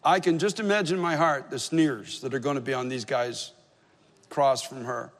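A man's voice: medium pitch, normal speed. A man, probably in his fifties, preaching as a pastor, telling a personal story with conversational, self-deprecating humor. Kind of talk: sermon with storytelling. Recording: reverberant hall.

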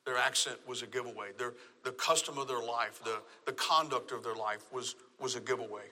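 A man's voice: mid-range voice, steady tone, brisk, pushed and bright, long reverb tail. A man from Texas with a Texan accent, preaching a sermon with emphatic, repeated phrases. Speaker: pastor.

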